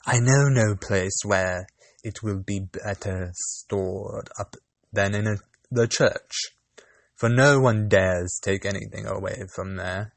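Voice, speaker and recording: Casting note: male reader doing a scheming she-cat, low and cool, very slow. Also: gravelly, no echo. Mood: advising. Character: sly greedy female cat, cool and scheming. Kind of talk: storybook reading.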